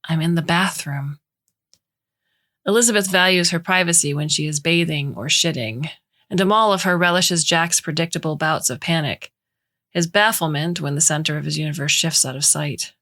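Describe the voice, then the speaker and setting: A woman narrating a short story in a measured, even way. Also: deep voice.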